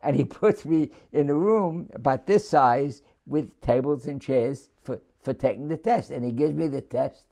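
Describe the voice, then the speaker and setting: An older man from New City, telling his war memories in an oral history interview with frequent chuckles and halting restarts. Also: mid-range voice, vocal fry, mellow. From New York City.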